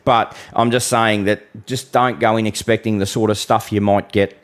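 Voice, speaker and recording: A man's voice: lowish voice, flat delivery, normal speed. An Australian man hosting a live weather stream, talking bluntly and chattily to viewers, calling them mate. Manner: occasional mild swearing. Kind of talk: casual live-stream forecast with audience Q and A.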